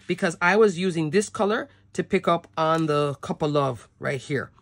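A woman's voice: low-pitched, normal speed, dry recording. Bubbly woman gushing over craft supplies. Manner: bubbly, gushing, repeats "love" and "so cute". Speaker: cardmaking demonstrator. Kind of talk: product showcase narration.

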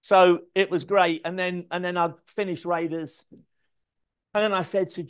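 A man tells stories from his working life, animated and unfiltered, swearing freely as he acts out bits of dialogue. His voice sits a touch high for a man. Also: moderate pace, clear, resonant tone. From London, England. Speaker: speaker telling career stories. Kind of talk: anecdotal storytelling talk.

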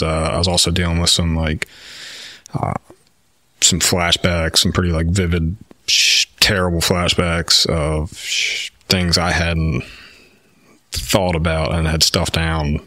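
A deep, low-pitched man talks frankly and at length, with plenty of fillers and the odd curse. The sound is dry and close, with no room around it. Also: pushed and bright, no room sound. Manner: rambling, frank, swears often, many fillers. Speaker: podcast guest, firefighter. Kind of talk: candid storytelling.

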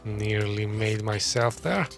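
A man casually commentating a stealth game as he plays, thinking his plans out loud. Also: fairly low pitch, takes it slowly, gravelly, loud music behind the voice. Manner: thinking aloud, muttering plans to himself. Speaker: gameplay commentator. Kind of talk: casual let's-play commentary.

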